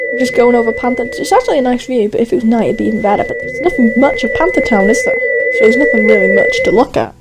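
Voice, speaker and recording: High bouncy woman youtuber, excitable, narrating her minecraft roleplay. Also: fast, loud music behind the voice. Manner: excitable, self-narrating, squeals and gasps. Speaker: gaming YouTuber. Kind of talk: Minecraft role-play narration.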